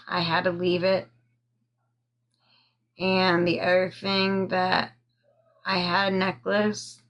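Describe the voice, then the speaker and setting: A woman telling a personal story on a live stream into a phone, halting with frequent pauses and fillers, stopping to thank viewers. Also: mid-range voice, gravelly, a bit bright. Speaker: livestreamer telling her own story.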